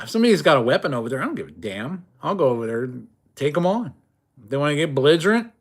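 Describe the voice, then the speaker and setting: A middle-aged man hosting a casual livestream, his voice sitting a bit high for a man. He talks tough and boastful, swears freely, and rambles through stammered restarts and short chuckles. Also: fairly bright tone. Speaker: livestream host.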